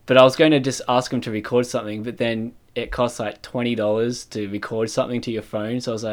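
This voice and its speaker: A man co-hosting a podcast, talking in a relaxed, rambling way with plenty of fillers. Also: mid-range voice, fast talker, few pauses. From Australia. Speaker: podcast co-host. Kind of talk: casual chat.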